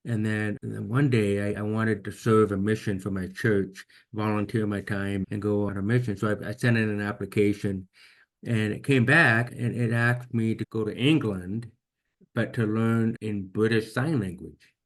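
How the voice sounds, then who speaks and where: Guy with a deaf accent, kinda low voice, earnest and reflective, sharing his story. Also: fairly even intonation, moderate pace. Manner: earnest, reflective, repeats words when restarting. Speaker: guest. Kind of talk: personal storytelling in an interview.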